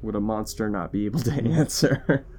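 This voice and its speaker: A man's voice: on the low side, normal speed, warm tone, a little hiss or hum. A man playing a tabletop game, chatting casually and playfully with a somewhat hesitant manner. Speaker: player.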